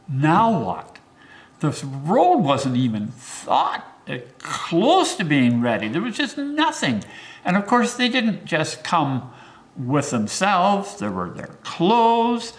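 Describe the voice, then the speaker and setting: An older man, a local historian, telling pioneer history as a lively storyteller who swoops his pitch for emphasis.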